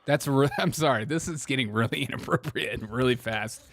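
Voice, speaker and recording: A man's voice: mid-range voice, brisk, a bit bright. A man hosting a comedic political commentary show who laughs often and mocks freely while reading out chat comments. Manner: laughs often, mocking and irreverent; reads chat comments aloud. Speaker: show host.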